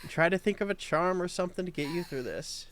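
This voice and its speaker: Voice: mid-range voice, quick pace, background noise, natural voice. A streamer reading out a frightened schoolgirl's lines from a game, anxious and talking herself through panic. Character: frightened schoolgirl lost alone. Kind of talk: reading game dialogue aloud.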